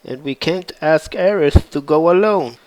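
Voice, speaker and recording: A man's voice: a little high, measured pace, a little mellow, no room sound, close to an everyday voice, poor audio. A man voicing a tough young woman who leads the party, blunt and direct. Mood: urgent.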